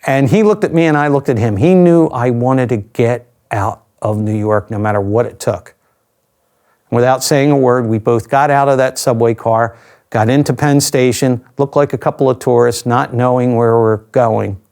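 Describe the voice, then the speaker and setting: Older male interview guest, reflective storyteller, conversational, dry asides, mid-pitched voice. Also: normal speed, darkish tone. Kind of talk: personal storytelling.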